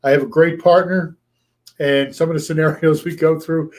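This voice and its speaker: A man hosting a live coaching show in casual talk to his chat. He is energetic, repeats key phrases for emphasis and acts out short role-play lines. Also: on the high side, normal speed.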